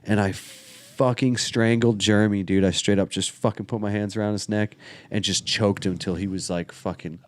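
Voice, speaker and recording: A man's voice: fairly low pitch, fairly even intonation, moderate pace. A man in his twenties telling stories in a casual chat, laid back and full of slang and fillers. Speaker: podcast guest. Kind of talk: casual storytelling.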